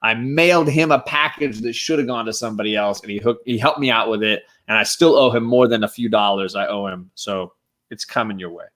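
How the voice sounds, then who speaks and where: Enthusiastic man giving live-stream shout-outs. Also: fairly low pitch, fairly quick. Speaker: guest co-host. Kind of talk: casual live-stream chat.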